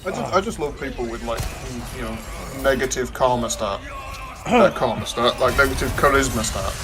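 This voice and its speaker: A man's voice: mid-range voice, lively intonation, normal speed, over music. A man chatting casually with friends during a game stream, dry and teasing. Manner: dry, teasing, self-deprecating. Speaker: co-player. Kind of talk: casual gaming chat.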